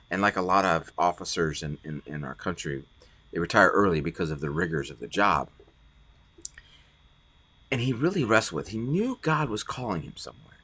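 A man's voice: low voice, pushed and bright, husky, no echo. A middle-aged man preaching a podcast sermon as pastor, earnest and often repeating words as he stresses a point.

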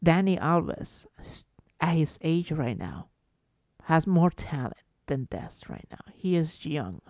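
A man's voice: fairly high pitch, sing-song, slow pace, darkish tone, dry recording, clean studio sound. A man vlogging as a football fan, ranting with passion and exasperation, swearing freely and repeating himself for emphasis. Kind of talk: emotional fan rant to camera.

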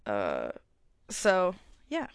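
A young woman in her twenties hosting a casual solo podcast, chatty and swearing freely, with her loudness swinging up and down as she talks. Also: on the low side, wildly swooping pitch, extremely slow, vocal fry, smooth, no room sound, clean studio sound. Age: 20s. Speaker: podcast host.

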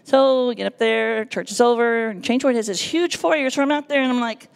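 Woman, church intercessor, raspy-edged and a touch high, earnest testimony from the pulpit. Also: fairly quick. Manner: earnest, emotional storytelling with lively quoted dialogue. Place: church sanctuary.

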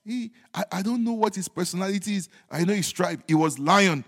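A man preaching a sermon as pastor, repeating his points emphatically and moving between loud declarations and hushed, joking asides. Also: high voice, brisk. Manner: humorous asides with chuckles. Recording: long hall reverb.

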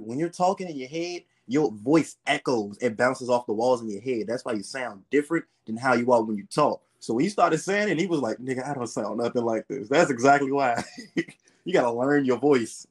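Lively, teasing man on a podcast. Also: mid-range voice, brisk. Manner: teasing, laughs often, animated banter; loose slangy talk. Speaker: podcast host. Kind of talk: casual chat.

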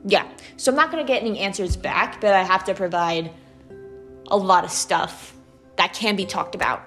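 A young woman with a Valley Girl accent, hosting a student podcast in an animated, chatty way, full of "like" and "okay". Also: medium pitch, moderate pace, soft background music. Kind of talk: casual solo podcast monologue.

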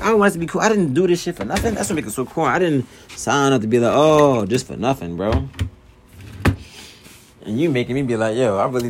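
Profane young Philly man venting, lively pitch. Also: slight background noise. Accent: Philadelphia. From Philadelphia. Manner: profane, slangy, pleading then exasperated. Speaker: vlogger. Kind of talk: venting monologue to a girlfriend.

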